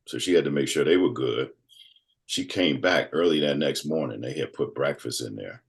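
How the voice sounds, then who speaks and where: Deep deep voiced guy in his 50s telling his story all animated, does little voices for people. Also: normal speed. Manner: animated storyteller who acts out quoted voices. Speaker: guest. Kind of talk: casual storytelling conversation.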